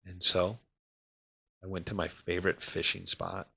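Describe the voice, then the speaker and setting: A man telling a personal story of crisis in an emotional, halting way, his voice sinking quiet in the hardest parts. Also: little pitch movement, gravelly, husky. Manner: emotional, pausing, voice drops low and quiet in heavy parts.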